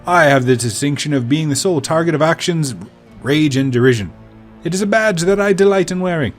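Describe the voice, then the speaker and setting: A man voicing a huge, jovial man with a grand, slow and theatrical way of talking. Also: a little high, soft background music, natural voice. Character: huge jovial man, booming, amused by insults.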